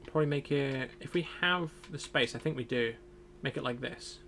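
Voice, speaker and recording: A man's voice: medium pitch, moderate pace, fairly bright tone, slight background noise. A young man streaming a survival game, casually thinking aloud as he plays. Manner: thinks aloud, muttering to himself. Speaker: gaming streamer. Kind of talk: casual gameplay commentary.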